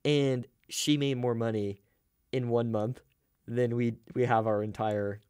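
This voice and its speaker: A young man co-hosting a casual sports podcast, chatty and quick to laugh, with lots of fillers. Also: mid-range voice, steady tone, a little mellow, clear, resonant tone, no room sound, studio quality. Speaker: podcast co-host.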